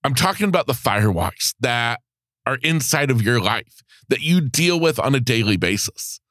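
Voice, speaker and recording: An earnest male podcast host speaks to his listeners directly and with encouragement. His voice is bright and forward, and his pitch swings widely. The sound is dry and close, with no room around it. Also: big pitch swings, normal speed, no echo. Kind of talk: motivational solo podcast talk.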